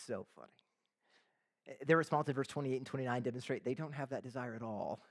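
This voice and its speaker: A man's voice: mid-range voice, racing. A man preaching a sermon as pastor, talking conversationally and acting out the voices of the people in the story, with casual slang asides.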